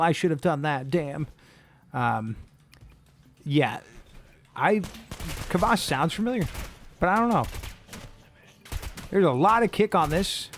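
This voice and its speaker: A man commentating casually while he plays a shooter game. He rambles, jokes and swears freely. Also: a little high. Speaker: streamer.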